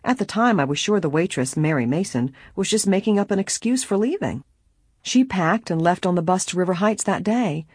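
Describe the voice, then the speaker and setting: A woman voicing a young woman innkeeper, an earnest, worried bride-to-be, in a dry, husky-toned audiobook reading. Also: fairly low pitch, lively intonation, a little fast, darkish tone, dry recording. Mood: confiding. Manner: earnest, confiding.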